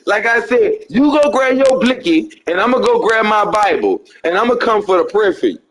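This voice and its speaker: A man's voice: high-pitched, sing-song, moderate pace, poor audio. A man preaching to a caller, repeating himself in a pleading, insistent way.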